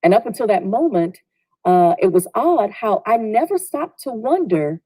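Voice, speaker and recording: A woman's voice: mid-range voice, very animated, normal speed, mellow, dry recording, rough recording. A woman telling a personal story in a reflective way, sometimes acting out what others said. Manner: reflective, acts out quoted voices.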